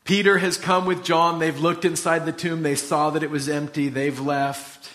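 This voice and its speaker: A man preaching, reading scripture aloud and then retelling the story in a casual, animated way. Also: on the high side, normal speed. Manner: animated storytelling, retelling scenes in quoted voices. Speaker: pastor.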